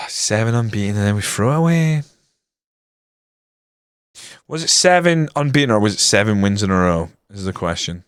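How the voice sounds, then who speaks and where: A man's voice: lowish voice, animated, moderate pace, long pauses, fairly bright tone, clear, resonant tone, dry recording, clean studio sound. A young man streaming a football management game, grumbling and swearing casually as he comments on his matches. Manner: frustrated, grumbling, swears often.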